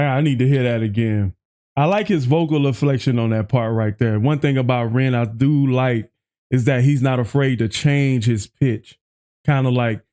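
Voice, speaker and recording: A man hosting a music reaction video, chatting excitedly, often restarting his sentences and quoting lyrics back. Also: mid-range voice. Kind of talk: casual reaction commentary.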